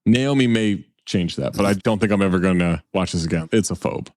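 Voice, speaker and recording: A man's voice: low-pitched, brisk, darkish tone, dry recording, studio quality. A man co-hosting a film podcast, bluntly dismissing a movie in casual chat. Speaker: podcast co-host.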